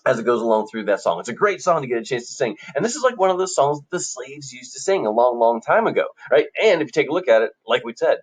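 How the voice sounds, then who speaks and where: A man's voice: medium pitch, big pitch swings, fast, few pauses. Upbeat man teaching a music lesson. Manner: upbeat, coaching, sings examples.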